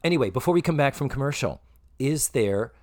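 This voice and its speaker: Animated man hosting a podcast, dry mic. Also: mid-range voice, dry recording. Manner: animated, camp, does quick voices of characters. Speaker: podcast host. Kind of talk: casual podcast chat.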